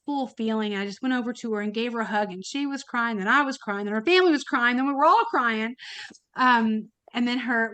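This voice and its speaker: A podcast guest who donated a kidney recounts a personal story, chatty and emotional, often restarting and using fillers. She has a fairly high, fairly bright voice, and there's no echo.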